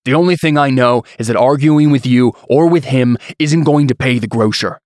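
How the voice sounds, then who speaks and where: Brief: proud, short-tempered blacksmith, read by a man, plain mid pitch, dry mic. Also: normal speed, darkish tone, no room sound, close to an everyday voice. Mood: snapping. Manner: curt and defensive, barely holding his temper. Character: tense, proud middle-aged blacksmith.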